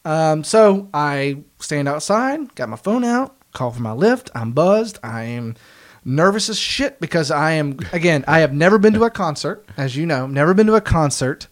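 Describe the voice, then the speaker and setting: Late-20s man, slightly high voice, animated casual storyteller who acts out quotes.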